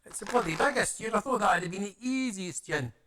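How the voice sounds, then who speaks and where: A man's voice: high-pitched, expressive, fast talker, bright, forceful tone. A man chatting playfully as he builds a paper model, muttering to himself and making silly sound effects.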